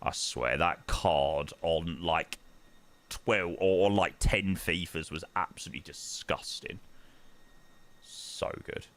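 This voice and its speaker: A young man chats through a flight-sim stream with a lively, bouncing pitch and an unhurried pace. He slips in slangy banter as he reads chat and plans the next leg. His voice sounds dry and close, with no room around it. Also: dry recording. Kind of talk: casual live-stream chat.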